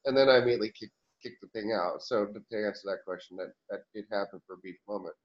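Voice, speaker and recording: A man's voice: on the low side, fast talker. Man rambling in a dull lo-fi recording. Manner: rambling, with restarts and chuckles. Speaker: channeled higher self answering questions. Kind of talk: channeling session Q&A.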